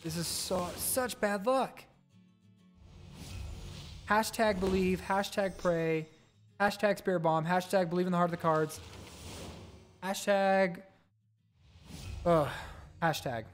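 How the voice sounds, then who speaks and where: A man streaming live gameplay, reading out game text and reacting excitably to each summon, pleading and groaning at bad luck. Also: high-pitched, a little slow, pauses often, faint music behind. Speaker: gaming streamer.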